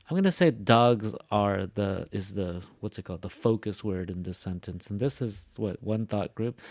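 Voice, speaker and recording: A man's voice: on the low side, a little slow, a little mellow, no echo, clean studio sound. Chatty male teacher modeling pronunciation. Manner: repeats and models words aloud, chatty asides. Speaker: ESL teacher. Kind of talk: online class lecture.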